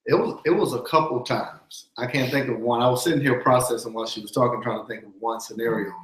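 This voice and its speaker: A man guest in a casual faith talk speaks thoughtfully, pausing to search for the right words. His voice is mid-pitched, and the room has noticeable echo.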